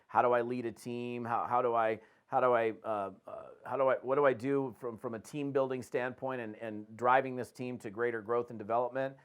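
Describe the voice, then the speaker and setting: A middle-aged man giving a motivational network marketing training, talking conversationally and acting out little bits of dialogue. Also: mid-range voice. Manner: conversational, acts out quoted dialogue, frequent restarts.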